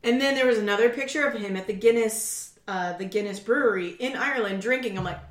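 A woman chatting casually about dating, telling animated stories full of quoted lines and swearing. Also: mid-range voice, quick pace, few pauses, roomy sound.

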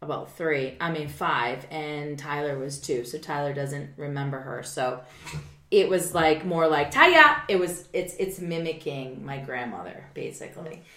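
A middle-aged woman co-hosting a podcast, chatting casually and loudly mimicking people in her stories. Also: deep voice, unhurried. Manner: animated, swings up loud when mimicking people. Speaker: podcast co-host. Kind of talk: casual chat. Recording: echoey room.

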